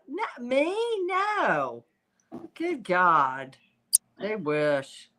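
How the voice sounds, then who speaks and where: An older woman, a psychic medium hosting a casual livestream, telling stories in an animated way. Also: mid-range voice, slow pace, a little hiss or hum, rough recording. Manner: animated storytelling, quotes spirits in voices. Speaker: psychic medium, show host.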